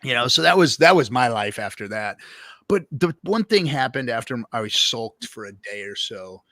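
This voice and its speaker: A man's voice: medium pitch, very animated, normal speed, pushed and bright, dry recording, clean studio sound. A man guest telling his story in a casual, rambling and profane way, full of fillers and restarts.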